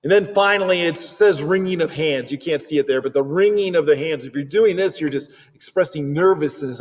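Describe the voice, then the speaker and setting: A man giving a Christian video lesson on body language in a lively, animated way, now and then acting out short quoted voices. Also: on the high side, a little fast, hardly any pauses, big-room sound. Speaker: Christian teacher.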